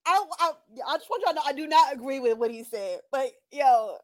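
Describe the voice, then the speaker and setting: Giggly, high-voiced woman podcast co-host. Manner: giggly, animated, quick to exclaim. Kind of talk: casual chat.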